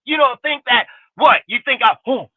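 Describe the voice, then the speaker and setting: A man's voice: very high-pitched, moderate pace, husky, no room sound. A man hosting his own channel, ranting angrily and cursing constantly at his critics. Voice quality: aggressive, profane, combative. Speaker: channel host. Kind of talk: profanity-heavy ranting livestream. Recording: tinny phone-like livestream audio.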